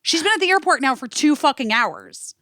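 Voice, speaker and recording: A woman's voice: high-pitched, a little fast, dry recording, studio quality. A woman hosting a podcast, telling a story in casual chat with lots of fillers. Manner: animated storytelling with many "like" fillers. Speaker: podcast host.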